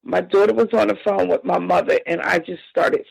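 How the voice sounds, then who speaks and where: A woman telling a painful family story as a podcast guest, halting and emotional with frequent restarts. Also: on the low side, fairly even intonation, creaky, a little mellow, husky, no room sound, poor audio. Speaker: victim's sister, interview guest. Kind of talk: personal account in a podcast interview.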